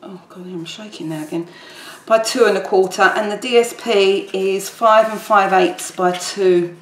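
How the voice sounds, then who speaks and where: A woman's voice: medium pitch, steady tone, measured pace. A woman chatting casually as she demonstrates a papercraft project, rambling while she works. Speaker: papercraft tutor. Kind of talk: casual crafting tutorial. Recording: echoey room with faint background noise.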